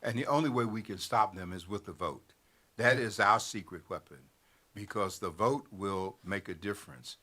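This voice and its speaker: A man, a newspaper editor, explaining a political process in a measured way on a talk show. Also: on the low side, pushed and bright.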